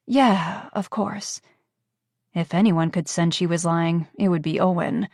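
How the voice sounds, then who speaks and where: A woman narrates an audiobook in a calm, even reading. Her voice sits on the low side and sounds dry and close, with no room around it. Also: no echo. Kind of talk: scripted narration.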